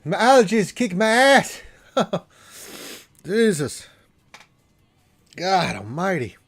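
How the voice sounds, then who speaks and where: A man's voice: sits high, sing-song, extremely slow. A congested man with allergies, hosting a casual gaming livestream and rambling with cursing asides. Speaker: livestream host.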